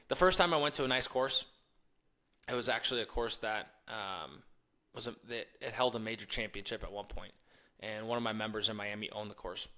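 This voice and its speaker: Bright-voiced motivational man. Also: lowish voice, moderate pace, pauses often. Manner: energetic storytelling, laughs while telling stories; shifts between hushed and loud emphasis. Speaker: podcast host. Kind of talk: motivational talk.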